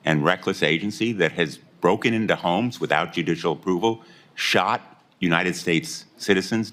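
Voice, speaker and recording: A man questioning a witness at a hearing in a measured, deliberate and pointed way. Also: low-pitched, a bit bright. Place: hearing room.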